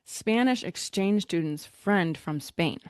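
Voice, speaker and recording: A woman hosting a podcast in casual chat, an animated storyteller who acts out voices and laughs often. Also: fairly low pitch, slow, smooth, no echo, clean studio sound. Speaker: podcast host.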